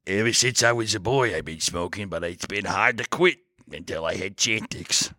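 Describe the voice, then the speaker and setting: A man doing a mock-earnest movie-star ad pitchman. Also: moderate pace, pushed and bright, no echo, studio quality. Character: Ray Liotta as a gravelly pitchman in a quit-smoking ad.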